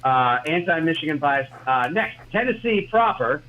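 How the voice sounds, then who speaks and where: A man's voice: fairly high pitch, expressive, moderate pace, bright, forceful tone, rough recording. A man co-hosting a casual sports podcast, cracking jokes and slipping into a mock announcer voice. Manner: joking, mock-announcer asides. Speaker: podcast co-host.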